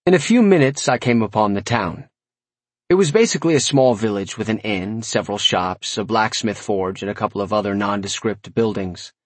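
A man's voice: on the low side, a little fast, no echo. Wry man narrating a fantasy audiobook. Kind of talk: first-person fantasy narration.

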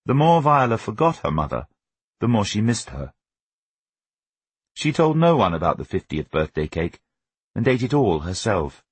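A man reading a novel aloud as an audiobook narrator, with an expressive, wry storytelling manner. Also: lowish voice, moderate pace, pauses often, slightly rough, no echo. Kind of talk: scripted narration.

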